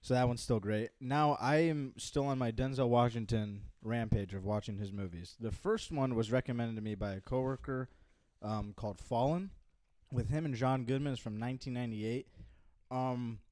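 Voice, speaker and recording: A young man in casual chat as co-host, talking earnestly and halting now and then with fillers and restarts. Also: medium pitch, a little mellow, no echo. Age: young adult.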